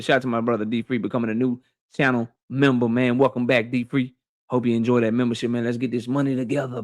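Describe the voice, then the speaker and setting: Slangy livestream host, dry close sound. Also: male voice, medium pitch, no echo. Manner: shouting out viewers by name, slangy and loose. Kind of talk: casual livestream chat.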